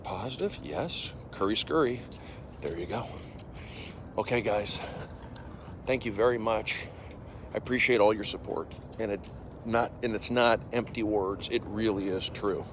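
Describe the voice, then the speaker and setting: A man in his forties, a comedian livestreaming from his phone while walking outdoors. He speaks in casual chat, reads viewer comments aloud, and coughs and clears an irritated throat. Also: lowish voice, a little slow, long pauses, noisy background. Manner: animated, jumping from loud bursts to mumbled asides.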